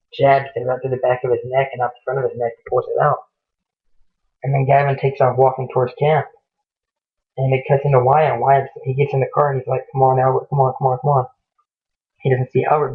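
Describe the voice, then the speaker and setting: A young man tells a gory horror story in a loose, profane ramble, dropping into the characters' lines in his own voice. His delivery is flat and husky. The recording is thin and muffled, like it came through a phone. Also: medium pitch. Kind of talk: casual spoken horror story retelling.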